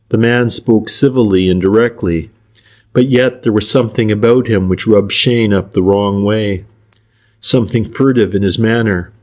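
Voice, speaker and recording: A man narrating a classic crime novel as an audiobook, in a measured, even storytelling manner. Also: on the low side.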